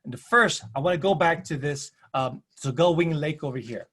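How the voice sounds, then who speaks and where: Husky man with rhythmic emphatic phrasing. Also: fairly high pitch, moderate pace, fairly bright tone. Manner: storytelling with acted quotes. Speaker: panel presenter. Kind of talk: presentation talk.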